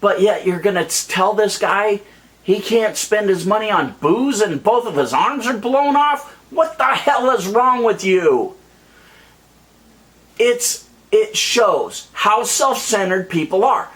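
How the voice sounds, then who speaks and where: Exasperated male vlogger with a high voice, heated ranting monologue. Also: expressive, slow, a bit bright. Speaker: YouTube vlogger.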